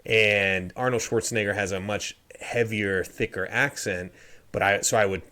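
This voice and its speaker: A man's voice: fairly low pitch, fairly even intonation, normal speed, pushed and bright. A young man co-hosting a casual podcast, speaking hesitantly with many fillers. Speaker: podcast co-host.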